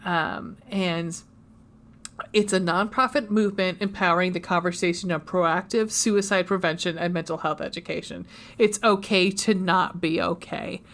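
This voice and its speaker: A woman co-hosting a book club podcast, talking casually with many fillers and pauses, emotional and close to tears. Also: on the low side, steady tone, fairly bright tone. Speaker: podcast co-host. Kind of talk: casual chat.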